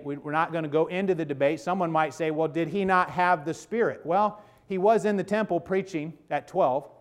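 A man in his fifties preaching a sermon to his congregation, conversational and emphatic, checking in with "okay?" and "right?" asides. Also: on the high side. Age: 50s. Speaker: pastor.

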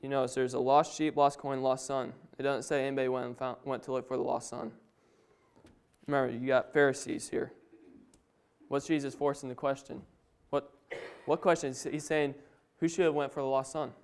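Guy giving a sermon, smooth clear voice, pretty flat delivery, reads the bible bits then riffs on them. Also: medium pitch, moderate pace. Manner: reads scripture aloud, then explains it with restarts and slips. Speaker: preacher.

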